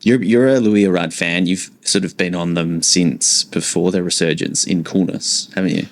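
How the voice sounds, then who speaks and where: A man's voice: sits low, fairly even intonation, moderate pace. A man co-hosting a casual podcast chat, dropping dry, wry asides. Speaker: podcast co-host.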